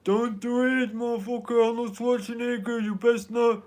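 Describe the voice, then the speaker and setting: A man doing a clumsy impression of a gruff male movie tough guy, his voice pushed high, strained and loud. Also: little pitch movement, normal speed. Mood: pleading.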